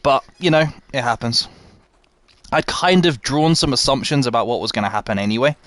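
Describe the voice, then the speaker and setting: A man's voice: medium pitch, expressive, a little fast, fairly bright tone, no room sound. A man live-streaming a game, chatting casually and answering viewers as he plays. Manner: chatty, reads out and answers viewers while playing. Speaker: livestreamer playing a game.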